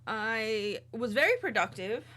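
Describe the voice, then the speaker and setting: Brief: woman VTuber, chatty and bubbly, voice bounces high and low, boom-arm desk mic at home. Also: lively intonation, measured pace, pushed and bright. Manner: bubbly, rambling, chatty with viewers. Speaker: VTuber streamer. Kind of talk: casual livestream chat.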